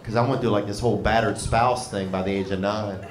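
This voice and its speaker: This stand-up comedian talks a little fast with a fairly low pitch and fairly even intonation, rambling laid-back and drawling in Southern slang. Heavy background noise and crowd laughter fill the roomy club where he performs live.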